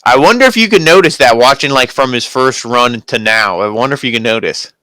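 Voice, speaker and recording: A man's voice: medium pitch, lively intonation, brisk, pushed and bright, no room sound, low-quality recording. A man co-hosting a wrestling review podcast, chatting in an easygoing, agreeable way. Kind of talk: casual chat.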